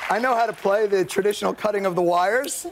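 A male comedian guest trading excitable, animated comic banter. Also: high voice, fast talker, crowd noise, background noise.

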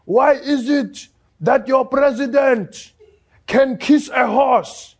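A man voicing a sly old grandfather who speaks loudly and slowly in a raised voice. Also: full character voice. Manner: loud, high, drawn-out delivery.

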